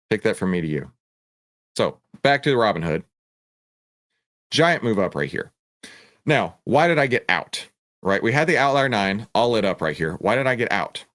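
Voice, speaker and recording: A man's voice: on the low side, sing-song, moderate pace, pauses often, fairly bright tone, no echo. Man, middle-aged, trading lesson host, emphatic and preachy, rhetorical questions, dry close sound. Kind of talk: energetic stock-chart walkthrough.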